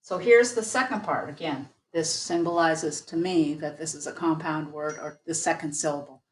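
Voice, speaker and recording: A woman teacher giving an online phonics lesson, patiently sounding out words slowly. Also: low voice. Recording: echoey room.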